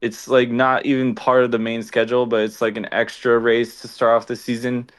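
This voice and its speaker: A man's voice: medium pitch, level tone, brisk. A young man co-hosting a podcast, chatting casually and rambling with lots of fillers and laughs. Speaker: podcast co-host. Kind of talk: casual chat.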